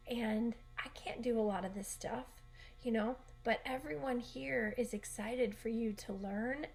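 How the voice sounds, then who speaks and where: A woman coach telling a heartfelt story in a casual, rambling way, often correcting herself, recorded in her bedroom. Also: on the high side. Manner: earnest, rambling, with frequent self-corrections. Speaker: gymnastics coach and gym owner.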